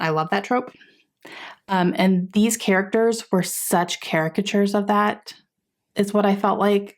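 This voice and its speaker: A young woman vlogging a chatty book review, exasperated at times, with frequent sighs and fillers. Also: medium pitch. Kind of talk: casual book review chat.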